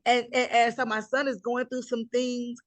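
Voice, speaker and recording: A middle-aged woman telling her life story in an interview, emphatic and animated, acting out the voices of the people she quotes. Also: fairly high pitch, moderate pace, no echo. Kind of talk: conversational interview.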